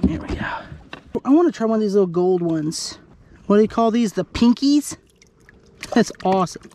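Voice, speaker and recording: A man from Idaho giving excited, chatty commentary to the camera while fishing from a kayak on a lake. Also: high voice, a little fast, background noise. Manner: excitable, exclaiming, chatty with viewers. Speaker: fishing vlogger. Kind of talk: casual outdoor commentary to camera. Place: kayak on an open lake outdoors. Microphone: handheld camera.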